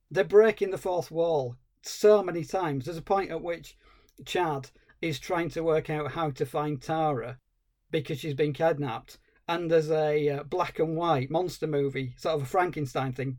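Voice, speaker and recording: A man co-hosting a film podcast, chatting casually and retelling scenes with animated enthusiasm. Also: a little high. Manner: animated storytelling, acting out scenes. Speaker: podcast co-host.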